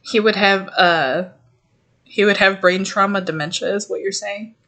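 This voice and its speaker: A woman's voice: mid-range voice, fairly even intonation, normal speed, pushed and bright. Giggly young woman rambling and swearing. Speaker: podcast co-host. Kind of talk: casual chat.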